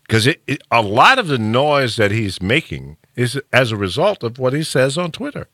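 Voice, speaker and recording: A man's voice: mid-range voice, moderate pace, hardly any pauses, no room sound, clean studio sound. A man hosting a talk show, chatting casually and giving opinions with plenty of restarts and chuckles. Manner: opinionated, animated, chuckles often, frequent restarts. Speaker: radio talk show host.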